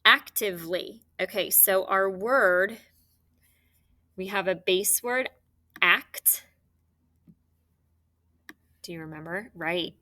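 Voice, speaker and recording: A woman teaching a phonics lesson to young children, speaking slowly and clearly and encouraging them. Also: mid-range voice, sharp tone. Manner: slow, clear, encouraging teacher talk with drawn-out words.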